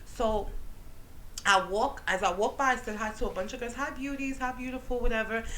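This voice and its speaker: A young woman hosting a radio show, telling stories in a slangy, animated way with plenty of laughter. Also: fairly high pitch, moderate pace, a little hiss or hum, poor audio. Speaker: radio show host and teacher. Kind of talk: casual radio banter and storytelling. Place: radio studio.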